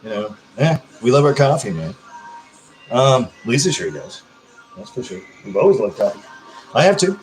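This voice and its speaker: A man's voice: mid-range voice, very animated, moderate pace, long pauses, soft background music, rough recording. A man casually hosting a livestream, rambling and swearing while he reads viewer comments aloud. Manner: rambling, profane, hyper. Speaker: livestream host.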